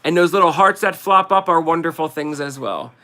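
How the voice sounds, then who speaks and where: A man's voice: fairly high pitch, fairly quick, pushed and bright. A man with a New Jersey accent hosting a casual livestream, rambling and chatty and laughing often as he sells collectibles. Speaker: livestream host selling collectibles.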